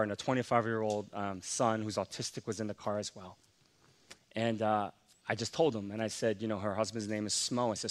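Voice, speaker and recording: A man preaching a sermon, a pastor who tells a heartfelt family story in an earnest, confessional way, with emotion that swells. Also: lowish voice.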